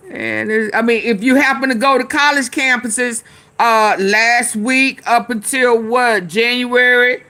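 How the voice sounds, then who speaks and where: Woman commentator, slow and forceful, bright tone, heated and repetitive. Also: fairly high pitch. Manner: heated, repetitive, talks back to chat. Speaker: commentary host. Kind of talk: live commentary over news clips.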